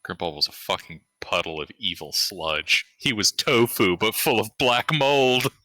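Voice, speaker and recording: A man's voice: on the low side, expressive, unhurried, pushed and bright, no room sound, poor audio. A man playing a tabletop game on a live stream, blunt and joking. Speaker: player.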